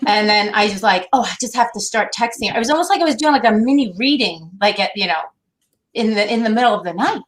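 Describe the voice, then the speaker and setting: A woman's voice: mid-range voice, expressive, fast talker. Easygoing woman guest who rambles through a casual story. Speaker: guest medium. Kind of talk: casual chat.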